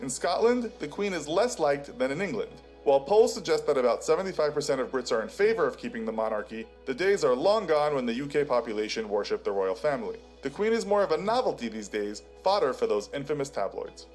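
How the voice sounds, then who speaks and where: A man's voice: mid-range voice, lively intonation, fast, few pauses, darkish tone, faint music behind. A man giving scripted documentary-style narration with a wry, teasing delivery.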